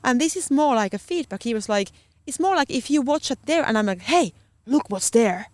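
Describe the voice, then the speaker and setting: A woman's voice: high-pitched, lively intonation, quick pace, darkish tone, no room sound. Woman searching for words. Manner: searching for words, many fillers. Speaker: guest dog trainer. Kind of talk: casual podcast conversation.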